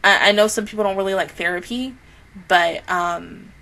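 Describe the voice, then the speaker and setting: A woman's voice: medium pitch, moderate pace, gravelly, sharp tone, low-quality recording. A woman talking earnestly and heartfelt as an anime reaction YouTuber, rambling in a casual spoken review to the camera.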